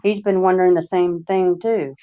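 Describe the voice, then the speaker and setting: A woman's voice: fairly low pitch, fairly even intonation, normal speed. A woman with a Southern American accent, chatting casually and hesitantly, often repeating herself. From United States. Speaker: viewer joining a live stream. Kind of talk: casual chat. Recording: dull lo-fi sound.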